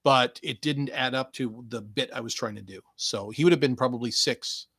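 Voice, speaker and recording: A man hosting a casual podcast alone, rambling and joking, swearing freely and swinging from mumbled asides to loud outbursts. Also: medium pitch, moderate pace, husky, no echo, studio quality. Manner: joking, swearing, jumps between quiet asides and loud bursts. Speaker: podcast host.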